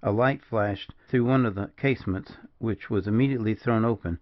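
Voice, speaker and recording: A man reading a classic western novel aloud in a measured storytelling narration. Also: fairly low pitch, lo-fi sound. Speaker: audiobook narrator. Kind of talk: scripted narration.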